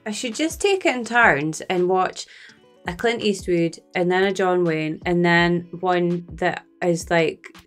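A woman's voice: lowish voice, takes it slowly, faint music behind. A woman chatting and reacting aloud while watching a movie, exclaiming and laughing along. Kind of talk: casual reaction commentary.

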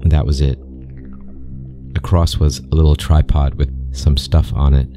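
A man narrating a scary story in a grave, deliberate scripted style. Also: very deep voice, steady tone. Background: background music.

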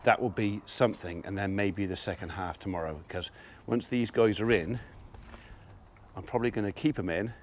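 A man's voice: lowish voice, moderate pace. A man filming himself as a farmer, chatting casually while working and calling to his cattle. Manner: chatty, talks gently to the cattle and calls them loudly. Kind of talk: casual vlog narration. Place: outdoors on a cattle farm. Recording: outdoor noise with mooing cattle. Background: cattle mooing.

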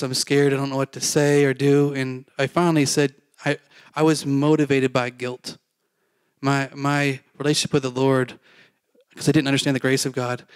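A man's voice: mid-range voice, dry recording. A man preaching a sermon as a pastor, telling a personal story in a casual, self-deprecating way and acting out the dialogue.

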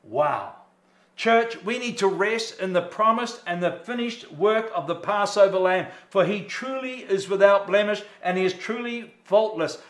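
High-voiced pastor preaching, echoey church. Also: male voice, moderate pace, few pauses. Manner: emphatic, rhetorical questions. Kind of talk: sermon. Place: church sanctuary.

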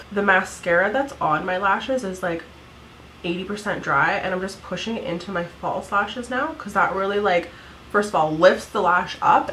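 A woman's voice: medium pitch, fairly bright tone, a little hiss or hum, poor audio. Chatty giggly woman in her thirties. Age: 30s. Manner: chatty, giggly, lots of "like" fillers. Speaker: beauty vlogger. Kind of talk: casual makeup tutorial chat.

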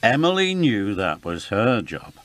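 A man with a British accent narrating a children's storybook in an animated read-aloud manner. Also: on the low side, a little slow. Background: background music.

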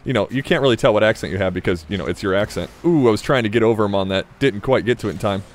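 A man with a slight Southern US accent giving rambling, self-mocking commentary while playing a game, breaking into sudden excited yelps. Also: fairly low pitch, racing. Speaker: gaming YouTuber. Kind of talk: casual gameplay commentary.

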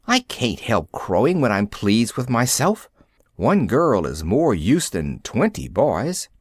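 A man's voice: mid-range voice, takes it slowly, husky, no room sound, studio quality, heavily acted. Peter Pan, a man reading as a cocky boy. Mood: pleading. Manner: boastful, excited. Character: cocky eager boy who won't grow up.

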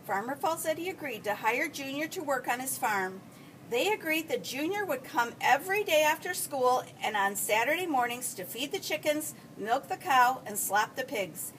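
A woman teacher reading a children's storybook aloud in an expressive storytelling manner. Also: high voice, moderate pace. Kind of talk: reading a picture book aloud. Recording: distant mic, faint background hiss.

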